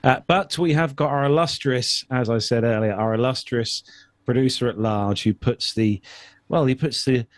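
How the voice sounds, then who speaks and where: A man's voice: medium pitch, moderate pace, no room sound. A man from the United Kingdom hosting a podcast in casual chat, telling rambling anecdotes. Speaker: podcast host.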